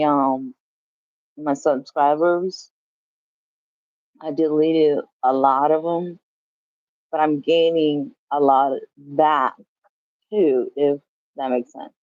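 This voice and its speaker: A woman's voice: sits low, takes it slowly, darkish tone, no room sound, dull audio. A woman chatting casually on a livestream from home, swearing freely and laughing as she reads the chat. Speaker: livestream host. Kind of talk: casual live-stream chat.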